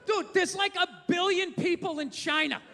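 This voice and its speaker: A man doing a stand-up comedy set on stage, ranting and swearing with loud shouted bursts, recorded live in a theater. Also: very high-pitched, normal speed. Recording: live in a theater with long reverb and faint crowd noise.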